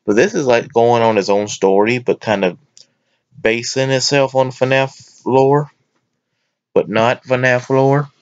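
A man giving casual let's-play commentary on a horror game, excitable and prone to yelping and shouting at the screen. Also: medium pitch, slow pace, dry recording, highs cut off. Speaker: gameplay commentator.

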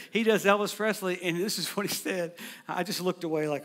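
Middle-aged preacher, high-pitched, animated anecdotal delivery with quick asides, church stage mic. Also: male voice. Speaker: guest preacher. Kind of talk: storytelling sermon. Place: church sanctuary.

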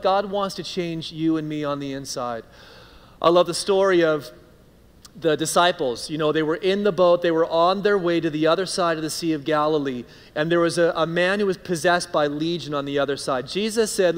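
A man preaching a sermon as pastor, conversational and animated, acting out the people he quotes. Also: fairly high pitch, long reverb tail. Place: church sanctuary.

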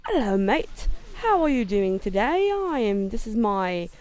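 A woman putting on a loud, exaggerated Australian accent as a wildlife-show man, mocking her own attempt. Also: medium pitch, sing-song, a little slow. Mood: boisterous. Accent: put-on Australian.

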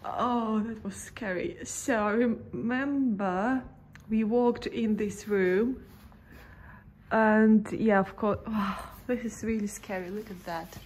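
A woman's voice: mid-range voice, fairly even intonation, slow pace, a little mellow, slightly rough. A woman vlogging as she renovates an old house, talking casually, nervous and breathless, gasping and laughing between lines. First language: Russian. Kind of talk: casual vlog chat. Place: inside an old empty house.

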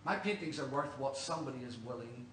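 A man's voice: medium pitch, fast, close to an everyday voice. A proud female French street painter speaks in a thick put-on French accent, as a man puts her on. The sound carries through a roomy church from a distant mic, with a faint hum underneath.

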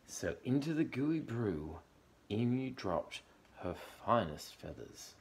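A man gently reading a picture book aloud to a child at bedtime. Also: medium pitch, very animated, vocal fry. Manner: gentle, unhurried storybook reading.

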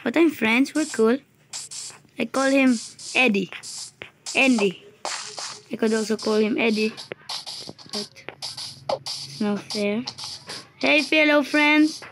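A woman giving playful live commentary while gaming, chatty and joking, who bursts into panicked shouting. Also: on the high side, slow pace, long pauses, noisy background. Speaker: gamer.

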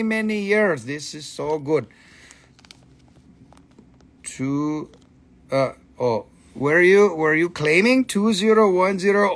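A man's voice: sits high, a bit bright. A man hosting a live sale, joking around, chanting and laughing a lot. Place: indoor shop.

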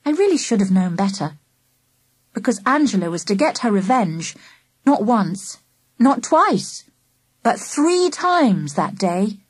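Husky woman reading a children's story. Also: medium pitch, sing-song, a little slow, no room sound. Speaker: audiobook narrator. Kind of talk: storybook narration in first person.

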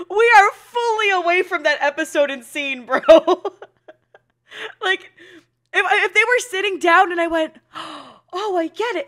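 A woman's voice: extremely high pitch, fairly bright tone. A young woman streaming an anime reaction, laughing so hard she cries and mocking herself with plenty of swearing. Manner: giggly, self-mocking, swearing freely. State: laughing to tears. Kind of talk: casual reaction commentary.

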